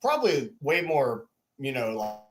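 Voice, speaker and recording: A man's voice: mid-range voice, sing-song, moderate pace. A man co-hosting a casual fishing livestream from home, greeting viewers by name in a loose, slangy way. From Texas. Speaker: podcast co-host. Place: home room.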